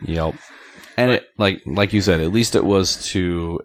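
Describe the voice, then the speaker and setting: A man acting as game master of a tabletop game, talking in a relaxed, easygoing way as he rules on the action. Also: low voice, unhurried, dry recording.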